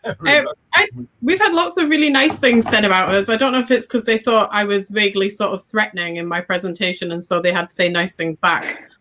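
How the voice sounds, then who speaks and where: A woman with a middle-pitched voice, chatting over a video call. She teases her colleagues and hesitates often, padding her sentences with fillers. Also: brisk, sharp tone, a little hiss or hum. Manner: teasing, hesitant, many fillers. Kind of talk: casual livestream chat.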